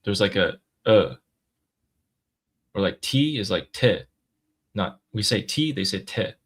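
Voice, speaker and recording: Laid-back low-voiced American man. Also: very animated, a little slow, fairly bright tone, husky. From United States. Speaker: livestream co-host. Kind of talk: casual livestream chat.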